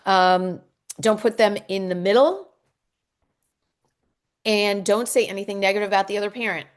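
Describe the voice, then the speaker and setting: A woman's voice: medium pitch, moderate pace, clean tone. Middle-aged woman divorce coach, reassuring, lots of ums and restarts, workshop q&a vibe. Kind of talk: workshop talk with audience questions.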